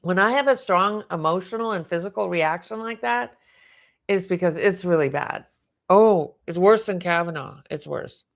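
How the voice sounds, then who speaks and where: A woman's voice: fairly low pitch, normal speed. A woman reading tarot cards aloud, thinking aloud and exclaiming as the cards turn up. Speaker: tarot reader.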